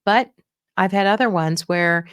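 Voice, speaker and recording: A woman's voice: medium pitch, a little slow, fairly bright tone, clear, resonant tone, no room sound, clean studio sound. A middle-aged woman hosting a talk on dementia care, giving frank, encouraging advice and acting out what people say. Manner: frank, encouraging, acts out quoted voices. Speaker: dementia care podcast host.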